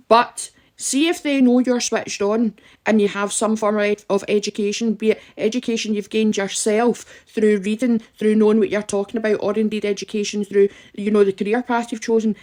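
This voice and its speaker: A woman's voice: medium pitch, darkish tone. A woman giving emphatic, direct advice to listeners in an impassioned talk. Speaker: campaigner.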